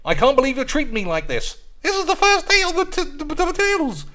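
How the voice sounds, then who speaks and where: A man voicing an upset young male footballer who whines in a high, theatrical voice. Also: big pitch swings, fairly quick, bright, forceful tone, exaggerated voice. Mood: whiny. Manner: high whining complaint, theatrical.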